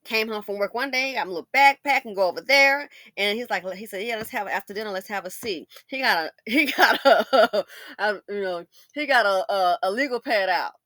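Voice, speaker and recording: Chatty woman with a bright, dry voice. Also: medium pitch, expressive, moderate pace, no echo. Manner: chatty storytelling, addresses ladies directly; laughs and breaks into loud exclamations. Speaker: commentary channel host. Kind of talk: casual commentary monologue.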